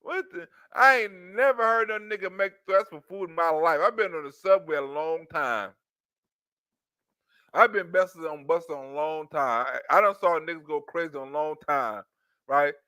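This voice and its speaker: A man's voice: on the high side, moderate pace, bright, forceful tone, smooth, dry recording, studio quality. A man giving a profane comedic reaction rant, telling the story with mock outrage. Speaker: commentator.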